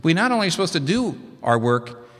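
A man preaching a sermon in a lively, conversational way, with asides and fillers. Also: fairly high pitch, brisk, long reverb tail.

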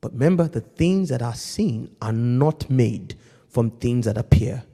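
A man preaching a sermon, swinging between hushed intensity and shouting. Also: medium pitch, animated, measured pace, in a large hall.

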